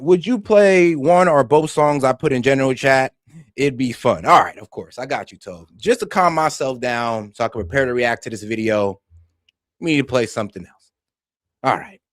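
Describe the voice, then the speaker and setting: A man's voice: mid-range voice, no echo, studio quality. A man hosting a live reaction stream, delivering heated commentary with passionate, profane ranting.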